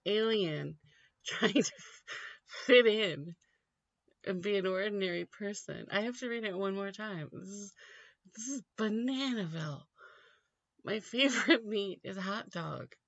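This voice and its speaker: A woman's voice: fairly low pitch, no room sound, lo-fi sound. A woman hosting a comedic solo commentary show. She rambles, mocks her subject and laughs often.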